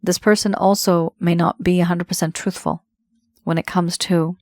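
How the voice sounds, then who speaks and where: A woman's voice: on the low side, level tone, normal speed, darkish tone, no room sound, clean studio sound. A woman giving a tarot reading, talking straight to the viewer in a conversational, reassuring way. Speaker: tarot reader.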